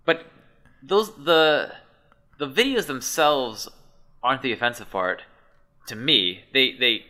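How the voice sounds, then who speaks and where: A man co-hosting a loose podcast conversation. His voice is very bright and cutting at an ordinary male pitch. He rambles, restarts his sentences and slips in sarcastic asides. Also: slow pace. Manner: rambling, self-correcting storyteller, sarcastic. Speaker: podcast co-host. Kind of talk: casual chat.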